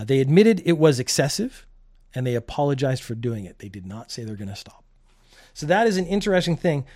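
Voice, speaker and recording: A middle-aged man hosts a comedic news commentary show, delivering stories wryly and sarcastically and chuckling at his own jokes. His voice is mid-range and a little mellow.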